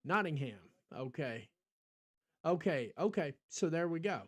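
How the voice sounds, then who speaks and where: A man's voice: on the high side, lively intonation, measured pace. An American man hosting a podcast livestream, rambling in casual chat, full of ums and restarts and answering viewers in the chat. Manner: rambling, talks back to chat, frequent ums. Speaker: podcast host.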